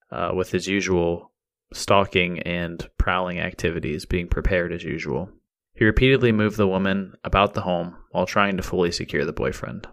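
Very deep-voiced man narrating true crime. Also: fairly bright tone. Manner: measured, matter-of-fact reading. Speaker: podcast host.

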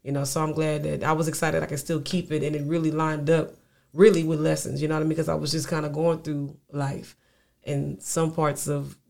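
A woman's voice: sits low, little pitch movement, a little fast, creaky, darkish tone. A young woman singer-songwriter talking casually as an interview guest, rambling with many fillers.

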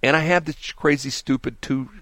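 A man hosting a radio talk show, giving his opinions in an animated, talkative way and mocking the people he disagrees with. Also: on the high side, normal speed, no room sound. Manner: animated, mocking imitations of others. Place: radio studio.

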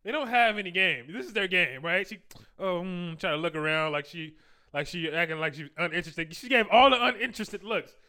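A man's voice: high voice, expressive, a little fast, pushed and bright, clear, resonant tone. A man giving crude, boastful dating advice in a casual monologue, full of slang and laughter, acting out his own conversations. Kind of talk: casual monologue with acted-out dialogue.

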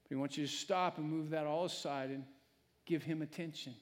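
A male pastor preaching a sermon, swinging between loud, emphatic lines and hushed, quiet ones. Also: fairly high pitch, fairly even intonation, brisk. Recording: long hall reverb.

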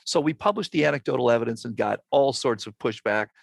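A man's voice: mid-range voice, lively intonation, fast, gravelly, husky, no echo. An older man, a physician and researcher, telling a story in a conversational interview and acting out the exchanges he quotes.

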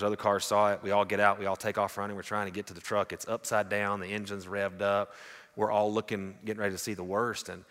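Man, pastor preaching, low-pitched, long hall reverb. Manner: storytelling, dramatic swings from loud to hushed. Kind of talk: sermon.

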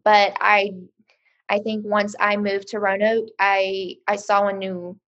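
A woman's voice: medium pitch, monotone, slow, a bit bright. Southern lady guest on a podcast, easygoing, lots of restarts, kinda muffled audio. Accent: Southern American. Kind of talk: casual conversation.

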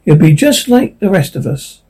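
Guy reading out a polite colony official, smooth and soothing, kinda high and husky. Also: very animated, moderate pace, warm tone, heavily acted, poor audio. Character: colony pilot, smooth and ingratiating man.

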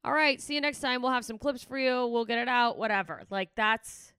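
Profane, rambling woman comedian, smooth voice. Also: fairly high pitch, fairly quick, sharp tone, no echo, studio quality. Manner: candid, rambling, swears freely. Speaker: comedian and podcast host. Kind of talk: casual podcast sign-off chat.

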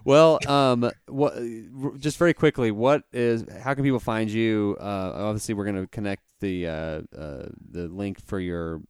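A man's voice: fairly low pitch, unhurried, hardly any pauses, clear, resonant tone, no room sound, studio quality. A man co-hosting a podcast, chatting casually and laughing easily. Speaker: podcast co-host.

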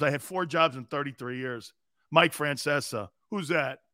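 A man hosting a football talk show in an animated, rambling storytelling manner. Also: fairly high pitch, normal speed, no echo, clean studio sound. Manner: loud, rambling storyteller with frequent laughs. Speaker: host.

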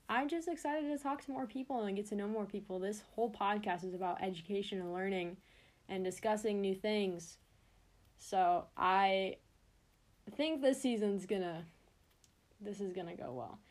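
A young woman hosting her own sports podcast, talking in a chatty, rambling way and cutting herself off. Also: medium pitch. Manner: chatty and rambling, self-interrupting. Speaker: podcast host. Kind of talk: casual solo podcast chat.

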